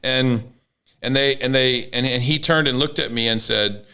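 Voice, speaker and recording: A man's voice: medium pitch, moderate pace, bright, forceful tone, clean tone. A man in casual conversation, telling an emotional story with many restarts. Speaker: podcast guest.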